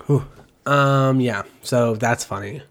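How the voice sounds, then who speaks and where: A man's voice: mid-range voice, moderate pace. A man talks off the cuff as host of a casual show. He rambles, fills gaps with "like" and "um", and swears often. He jumps between asides and now and then puts on other people's voices. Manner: rambling and animated, heavy swearing, many fillers. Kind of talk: casual commentary.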